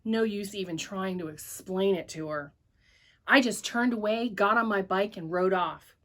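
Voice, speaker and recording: A woman reading a children's story aloud at church with an expressive, animated delivery. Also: medium pitch, moderate pace.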